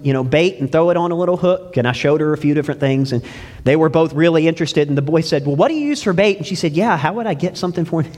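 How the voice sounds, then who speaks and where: A man preaching a sermon as pastor, telling folksy stories and asking the congregation questions. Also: fairly high pitch. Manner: folksy storytelling, asks the congregation. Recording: long church reverb.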